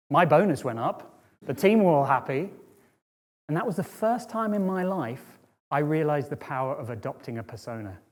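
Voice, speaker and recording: A middle-aged man giving a conversational storytelling talk on stage, often checking in with the audience. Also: on the high side. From Britain. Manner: lively, conversational, checks in with "right?" and "okay?". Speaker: speaker. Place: auditorium stage.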